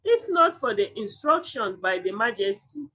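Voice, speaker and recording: A woman reading a story aloud as narrator, slow and measured. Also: on the high side, sing-song, sharp tone, breathy edge, poor audio.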